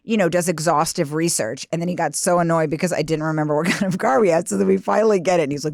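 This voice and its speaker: A middle-aged woman comedian chatting on a podcast, her voice sitting a little low. She tells self-mocking stories and acts out her husband's lines. The recording is close and dry. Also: quick pace, creaky, hardly any pauses, darkish tone, no echo. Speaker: stand-up comedian guest. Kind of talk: casual podcast chat, storytelling.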